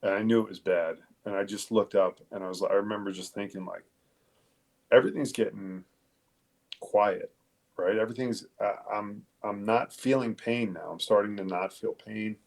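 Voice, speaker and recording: A middle-aged man from Long Island, New York, a detective recounting what happened to him. He talks with a low, gravelly voice that falls into fry. He stops and restarts often and swears freely. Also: steady tone, darkish tone. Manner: halting, profane, with many fillers and restarts. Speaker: guest, police detective. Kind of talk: casual interview storytelling.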